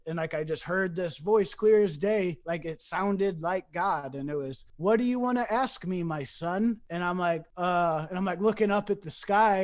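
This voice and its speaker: Higher-voiced rambling storyteller man. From East Saint Louis. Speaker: podcast guest. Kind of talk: casual chat.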